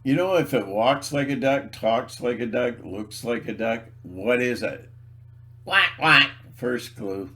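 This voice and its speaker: A man's voice: mid-range voice, a little slow. A man video blogging in a rambling, theatrical, joking monologue.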